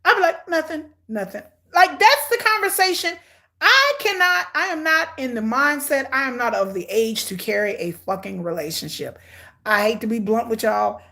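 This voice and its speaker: A middle-aged woman giving blunt, sarcastic, animated commentary on a reality show she is watching. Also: on the high side, normal speed, vocal fry. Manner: hyperactive and energetic. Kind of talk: casual live watch-along commentary.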